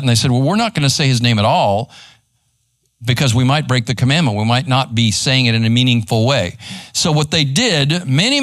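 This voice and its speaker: A man's voice: mid-range voice, a bit bright, no room sound. A man teaching as a pastor in a church, speaking conversationally and often checking in with his listeners with "okay?" and "right?". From Texas. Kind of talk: live church teaching with slides. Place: church room.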